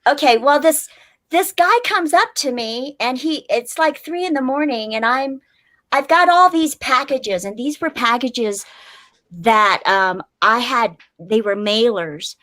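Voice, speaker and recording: A woman's voice: a little high, unhurried. A woman musician in a casual interview, telling a story animatedly and acting out what people said, with many fillers. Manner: animated, acts out quotes, frequent fillers. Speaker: band musician guest.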